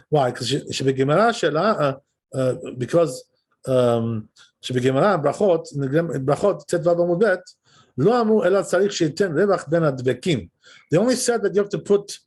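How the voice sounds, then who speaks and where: Guy rabbi teaching a text class, voice a bit on the high side, laid back, keeps asking right?. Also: darkish tone, breathy edge. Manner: casual and explanatory, often checks in with "right?". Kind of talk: text study lesson, reading and translating.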